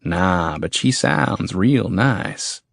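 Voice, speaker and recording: A man's voice: deep voice, animated, very slow, creaky, no room sound, full character voice. A man voicing a crude, cocky male army veteran with a drawl, foul-mouthed and taunting, in a dry, close audiobook recording. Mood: smug. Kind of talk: audiobook character voice.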